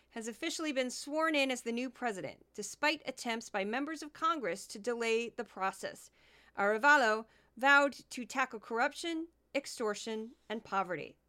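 A woman hosting a podcast, giving animated, sarcastic commentary and reading a news rundown. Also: fairly high pitch, clear, resonant tone. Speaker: podcast host.

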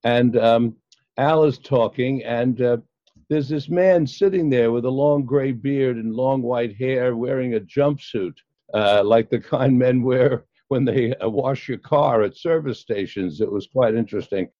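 Older man, interview guest, mellow voice, dull dry lo-fi recording. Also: mid-range voice, measured pace, no room sound. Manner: hesitant, many fillers. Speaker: guest psychologist. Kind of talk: storytelling in an interview.

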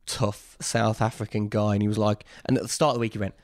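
A man, a guest in a casual interview, telling a story with lively quoted voices. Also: on the low side, quick pace.

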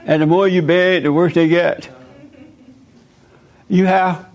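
A man's voice: high voice, fairly even intonation, slow, highs cut off. Emphatic man preaching to a room. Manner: emphatic, jokey, acts out quoted voices. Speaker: host speaking to a live group. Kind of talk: animated preaching talk with anecdotes.

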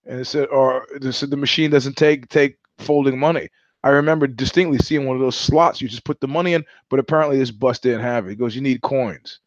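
A man's voice: mid-range voice, steady tone, brisk, no room sound, lo-fi sound. A middle-aged man from New York hosting a live-streamed show, telling stories in a blunt, profane, sardonic monologue. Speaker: host.

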